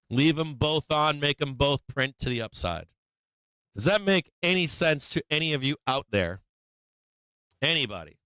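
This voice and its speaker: Host: man, bright, crisp voice, profane and animated, live trading commentary, dry close mic. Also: on the high side, normal speed, dry recording. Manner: profane, animated, laughs often, acts out the market. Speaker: livestream trading show host.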